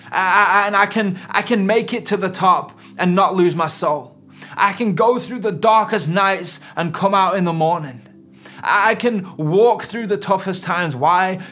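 With faint music beneath him, a man with a high, fairly bright voice delivers an earnest, emphatic sermon whose intensity swells and subsides.

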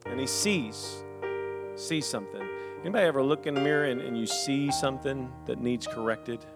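Man preaching a lively sermon. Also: medium pitch, normal speed, vocal fry, over loud music. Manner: lively preaching with scripture readings and humorous asides. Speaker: pastor.

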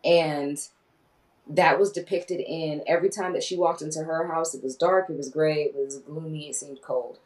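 Animated woman reviewing a movie, off-mic. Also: low voice, moderate pace, distant mic, low-quality recording. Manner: animated, swearing, quoting herself and others. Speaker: podcast co-host. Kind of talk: casual movie review chat.

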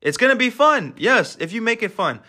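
A man's voice: extremely high pitch, very animated, brisk, sharp tone. A man in his twenties hosting a podcast, talking in a brash, profane, hyped-up monologue full of fillers. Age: 20s. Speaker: podcast host. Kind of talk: casual motivational monologue.

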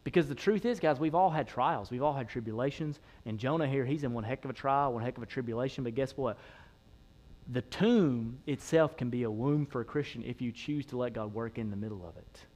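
A young adult man, a pastor preaching a sermon with emphatic, repetitive lines that build to shouts. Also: medium pitch, brisk.

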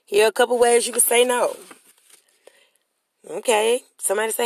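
A woman's voice: a little high, fairly even intonation, moderate pace, long pauses, dry recording. A woman giving a motivational monologue to viewers in a casual, slangy way, emphatic and repetitive, leading her listeners in call-and-response chants. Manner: casual, slangy street talk. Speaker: motivational speaker.

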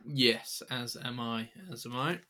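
Low-key man answering a podcast quiz. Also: unhurried, pushed and bright. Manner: brief, low-key replies. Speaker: podcast co-host and quiz contestant. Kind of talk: casual quiz podcast chat.

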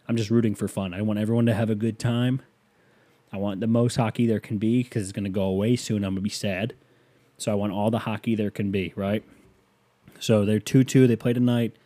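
With a fairly low, warm voice that sounds a bit sore, a podcast host chats casually about hockey. His sports talk rambles and jokes, with some swearing mixed in.

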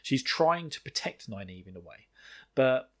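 A man's voice: mid-range voice, sing-song, moderate pace. A man casually recapping a fantasy book, rambling and laughing often as he goes. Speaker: book reviewer.

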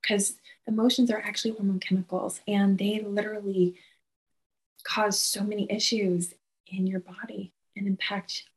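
A woman's voice: mid-range voice, level tone, moderate pace, husky, low-quality recording. A woman hosting a podcast who responds to her guest in a casual, affirming way. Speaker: podcast host. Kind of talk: casual chat.

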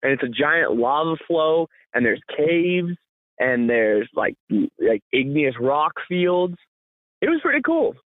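Man, podcast co-host, casual rambling storyteller, slightly high voice, thin phone-like sound. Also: slow, no room sound. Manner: rambling, animated storytelling with frequent laughs. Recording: tinny phone-line sound, dry.

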